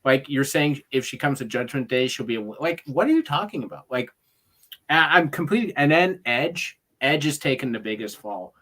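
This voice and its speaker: A man co-hosting a casual chat, lively and laughing often as he acts out what others said. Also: medium pitch, fairly quick. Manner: animated, acts out quotes in voices. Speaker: podcast co-host. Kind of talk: casual chat reviewing wrestling.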